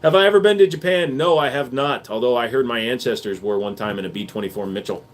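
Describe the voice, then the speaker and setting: A man's voice: mid-range voice, fast, slight background noise. A man hosting a casual livestream, answering chat questions in a blunt, offhand, joking way.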